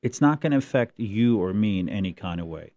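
A man's voice: fairly low pitch, a little fast, muffled recording. A man co-hosting a podcast, chatting casually and telling rambling stories. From New Jersey. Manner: rambling, animated storytelling with mimicked voices. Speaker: podcast co-host. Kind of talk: casual chat.

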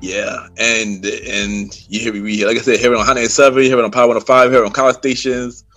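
A man hosting a podcast, chatting easily with plenty of street slang and quick agreement. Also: medium pitch, little pitch movement, fairly bright tone, faint music behind. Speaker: podcast host. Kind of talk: casual chat.

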